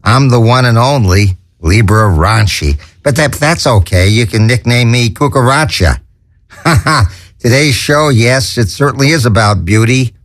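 A man's voice: mid-range voice, animated, unhurried, no echo, studio quality. A man hosting a comedy show, telling corny puns with stammers and chuckles at his own jokes. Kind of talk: corny stand-up patter.

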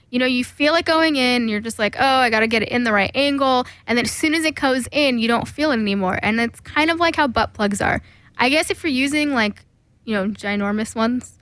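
A woman's voice: high-pitched, a bit bright, dry recording. A young woman telling a candid personal story on a podcast, frank and laughing often, with plenty of fillers.

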